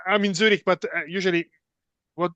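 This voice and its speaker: A man's voice: sits high, steady tone, brisk, sharp tone, no echo, lo-fi sound. Hesitant man asking questions, dry sound. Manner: hesitant, many fillers and restarts. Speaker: workshop participant. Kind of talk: casual question in online class. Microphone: video call.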